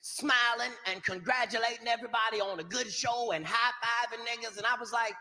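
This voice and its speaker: A man works a live stand-up set, and his voice rings out high and bright. He tells his story in a profane, animated way. A long reverb from the hall trails each line. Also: fairly quick, hardly any pauses. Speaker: stand-up comedian. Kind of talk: stand-up comedy routine.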